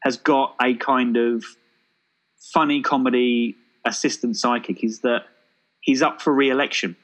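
A man, co-hosting a casual chat, pitching a made-up action film with jokey enthusiasm. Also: fairly even intonation, unhurried, low-quality recording. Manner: enthusiastic, jokey, thinks aloud with fillers. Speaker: podcast co-host.

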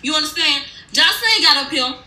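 A woman's voice: high voice, expressive, a little fast, sharp tone, echoey room, poor audio. A woman recapping a reality show in a casual, blunt and heated way, swearing freely. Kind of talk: casual profane storytelling recap.

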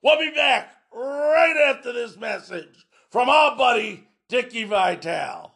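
Very high-pitched, slow-talking sports podcast host. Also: male voice, lively intonation, vocal fry. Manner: loud, emphatic, often shouting, fillers.

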